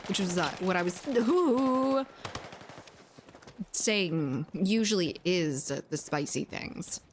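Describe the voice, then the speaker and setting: A woman game streamer from Latin America rambles between rounds, loose and profane, quick to laugh. Her pitch moves animatedly up and down, and a faint hum of ambient noise sits under her streaming mic. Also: expressive. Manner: chatty, profane, laughing often. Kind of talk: casual gaming stream chat.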